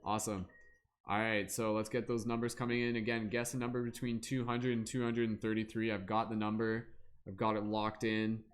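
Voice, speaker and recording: A man hosting a tarot reading livestream, talking casually and loosely, filling pauses with fillers and hummed "da da da" sounds. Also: on the low side, little pitch movement.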